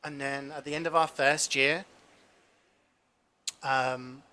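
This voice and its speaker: A man's voice: medium pitch, steady tone, slow, bright, forceful tone, clean tone. A man in his twenties, a cooking streamer, rambling through casual stories with lots of fillers and the odd swear in a home kitchen. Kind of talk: casual chat while cooking.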